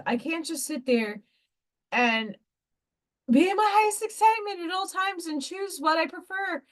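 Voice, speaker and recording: A woman's voice: very high voice, expressive, moderate pace. A woman hosting a livestream, talking candidly and rambling, with casual swearing, and reading oracle card messages aloud. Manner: reads card messages aloud between chat.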